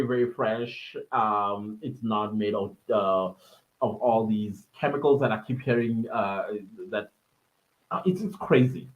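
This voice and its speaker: A man's voice: on the low side, measured pace, muffled recording. A man from South Africa with a South African accent, hosting a podcast live stream in a rambling, casual way, with many fillers and frequent chuckles.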